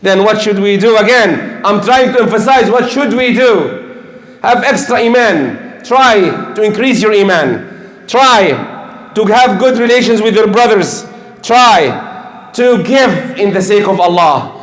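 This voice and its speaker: Older male preacher, high-pitched, emphatic and repetitive, roomy echo. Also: expressive, measured pace, fairly bright tone. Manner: earnest, repetitive, emphatic, with slips. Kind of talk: sermon. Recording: echoey room.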